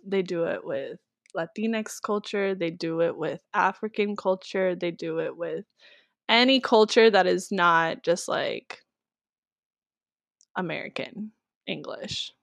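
A woman's voice: lowish voice, gravelly, dry recording. A young woman co-hosting a casual discussion, talking emphatically with lots of "like" fillers. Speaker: co-host.

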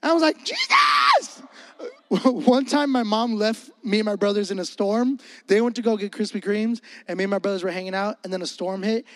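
A man preaching a sermon in a lively, comedic way, acting out the scenes in his stories as he goes. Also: high voice, fast talker, few pauses. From Florida.

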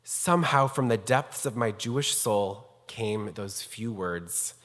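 A man's voice: on the low side, a little slow, hardly any pauses, fairly bright tone. A rabbi speaking formally and earnestly as he introduces a guest scholar, telling a personal story. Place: synagogue sanctuary. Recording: long hall reverb.

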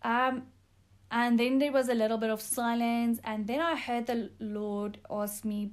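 A woman giving a devotional testimony in an earnest way, often pausing with um. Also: on the high side, fairly even intonation. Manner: earnest, with frequent um fillers. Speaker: speaker sharing a testimony.

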